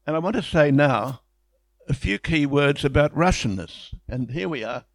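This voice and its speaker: A man's voice: fairly high pitch, animated, moderate pace, no room sound. A man giving an illustrated public lecture, speaking enthusiastically in a conversational way with frequent restarts.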